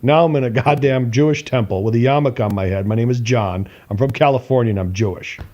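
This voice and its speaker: Man telling a lively story on a podcast. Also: medium pitch, fast talker, highs cut off. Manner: animated storyteller acting out quoted voices, swears casually. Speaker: podcast co-host. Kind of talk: casual storytelling chat.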